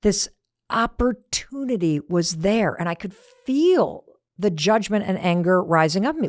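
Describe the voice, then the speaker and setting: A middle-aged woman hosting a podcast, telling a story in an animated motivational talk that drops to whispered asides. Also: medium pitch, unhurried, dry recording, studio quality. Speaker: podcast host.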